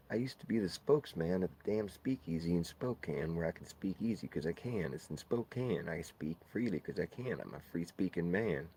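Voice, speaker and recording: A man's voice: sits low, mellow, a little hiss or hum. A man on a live stream, talking in a rambling, profane rant full of playful wordplay.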